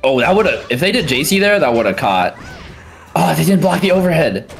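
A tournament commentator doing excited fighting game play-by-play, yelling and swearing at big moments, then breaking the action down quickly in between. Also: medium pitch, vocal fry, faint music behind. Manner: explosive yelling and swearing, frequent exclamations; calmer fast breakdowns between outbursts.

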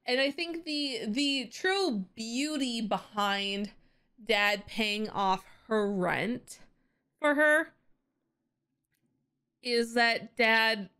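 A woman's voice: a little high, very slow, bright, forceful tone, smooth. A young woman hosting an anime reaction, chatting emotionally and getting teary, with lots of "like" and "you know.". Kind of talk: casual reaction commentary.

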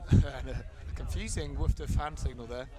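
A man giving live play-by-play commentary on a match, chatty and quick to get excited. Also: medium pitch, a crowd in the background. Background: loud music.

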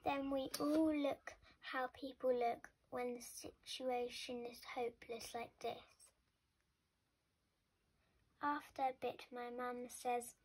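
Breathy, slow woman reading a children's story. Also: on the high side, rough recording. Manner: expressive, sometimes dropping to a whisper. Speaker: storybook reader. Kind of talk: children's story read-aloud.

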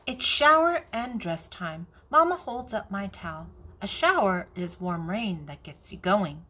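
An older woman, a grandmother, reading a children's picture book aloud in a gentle, even way. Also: medium pitch, unhurried. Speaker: storybook reader.

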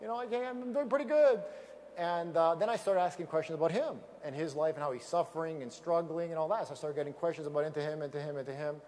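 A man giving an energetic motivational talk on stage with slides, emphatic and repeating key phrases for effect. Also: fairly high pitch, quick pace, hardly any pauses, in a large hall, slight background noise. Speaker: business opportunity speaker.

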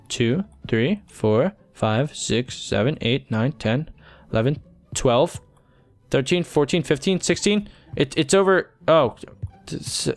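A man giving chatty let's-play commentary, talking to himself and his viewers as he plays. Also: a little high. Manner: chatty, talks to himself and viewers while playing. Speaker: gaming YouTuber.

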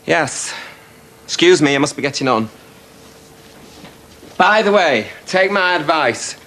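An actor playing a camp, chirpy ex-navy orderly serving tea, theatrical and gossipy, in a sitcom. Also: male voice, fairly high pitch, animated, takes it slowly, a bit bright, heavily acted. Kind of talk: 1990s TV sitcom acting.

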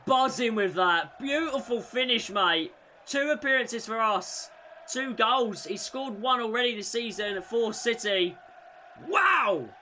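A young man with a high, bright voice, calling his football game as he plays. He yells when his side scores and grumbles low and fast when things go wrong. A faint hum sits behind him. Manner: swings between loud shouted celebration and muttered frustration. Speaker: gaming YouTuber. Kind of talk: excitable gameplay commentary.

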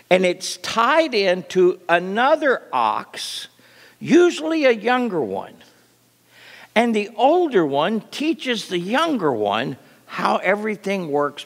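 A man preaching a sermon with lively, animated delivery that drops to soft near-whispers. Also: high-pitched, long reverb tail. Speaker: pastor.

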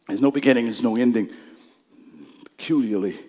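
A male pastor preaching a sermon, telling stories and building up to shouted climaxes. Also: medium pitch, a little fast, long reverb tail.

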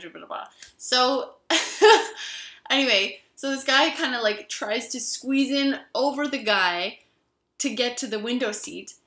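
A woman vlogger tells a story and reflects aloud, with frequent "you know"s. Her voice sits at a middle pitch with a bright tone. It rings in an echoey room. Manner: musing, many fillers like "you know".

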